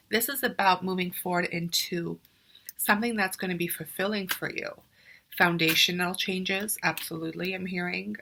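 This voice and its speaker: Bright-voiced woman giving a spiritual tarot reading. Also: fairly low pitch. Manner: earnest, addresses viewers directly, searches for words mid-sentence. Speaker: spiritual coach and tarot reader.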